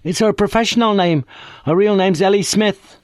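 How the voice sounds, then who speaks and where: A man's voice: high-pitched, moderate pace, no room sound, clean studio sound, voice pushed up, close to an everyday voice. A man reading an audiobook, voicing a brash, common-talking young woman on the phone. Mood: defiant. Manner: cheeky, defensive, common speech.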